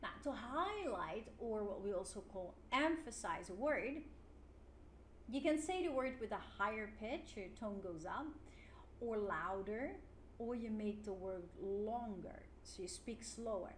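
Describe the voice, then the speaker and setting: A woman teaching an English lesson online, clear and encouraging, with frequent "yeah" fillers. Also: mid-range voice, lively intonation, unhurried. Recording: roomy with faint noise.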